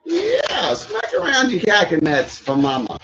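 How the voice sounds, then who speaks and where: A man putting on the voice of a crude, pushy middle-aged mother in a screechy falsetto, coaxing and drawn out. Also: wildly swooping pitch, measured pace, fairly bright tone, heavily acted. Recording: muffled lo-fi audio.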